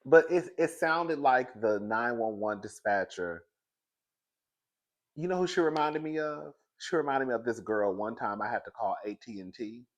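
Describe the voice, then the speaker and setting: A man hosting a casual pop-culture commentary show, animated and dramatic, calling everyone "girl" and laughing often. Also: medium pitch, normal speed.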